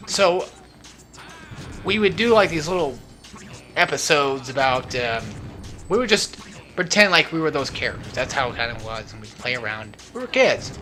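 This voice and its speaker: A man's voice: mid-range voice, pushed and bright. A young man giving casual, rambling gaming commentary at home, joking and laughing as he drifts off topic. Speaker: let's play host. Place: at home, not alone.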